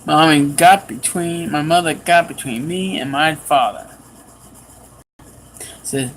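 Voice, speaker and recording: A man preaching a sermon, telling a personal story with animated swings in pitch and pace. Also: slow, long pauses, slight background noise, low-quality recording.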